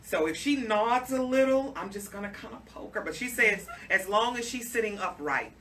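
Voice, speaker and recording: A woman hosts a radio talk show in an interview-style chat, gushing and emotional as she addresses her listeners directly from the studio. Her mid-range voice is expressive at a moderate pace, picked up by a distant mic with clear background noise, including crowd sounds.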